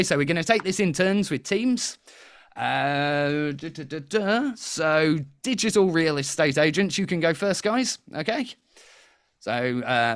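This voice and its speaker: A man's voice: on the high side, no room sound, clean studio sound. A man from England hosting a quiz show, chatty and laughing, with frequent restarts.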